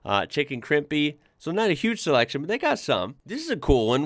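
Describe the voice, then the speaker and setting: A man's voice: medium pitch, wildly swooping pitch, a little fast, few pauses, fairly bright tone, no echo, studio quality. A man hosting a casual reaction video, chatting with lots of fillers and laughing often.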